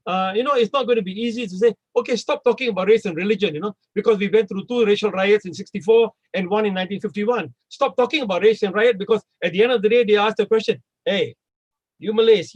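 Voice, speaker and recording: A man speaking on a discussion panel, animated and full of questions, sometimes voicing imagined speakers. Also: high-pitched, highs cut off. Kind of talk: discussion talk.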